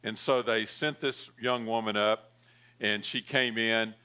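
A man's voice: on the low side, steady tone, measured pace, pushed and bright, clean tone. A male pastor delivering a sermon, telling a story with frequent fillers and calling for an amen.

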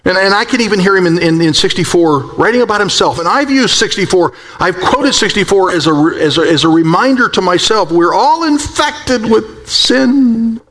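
A man preaching a sermon, swinging between high, urgent exclaims and hushed, low passages, and acting out the voices of prophets. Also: animated, moderate pace, few pauses. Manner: acts out quoted prophets with a rising voice. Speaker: pastor.

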